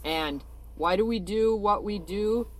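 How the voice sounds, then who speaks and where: A woman's voice: medium pitch, a little slow. A woman co-hosting a faith talk, speaking in a matter-of-fact, cautionary way and quoting scripture. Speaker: co-host.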